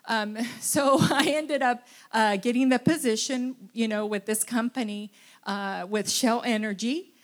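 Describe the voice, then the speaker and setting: A woman giving a tearful, halting testimony in church, full of restarts and fillers. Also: fairly high pitch, fairly even intonation. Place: church sanctuary.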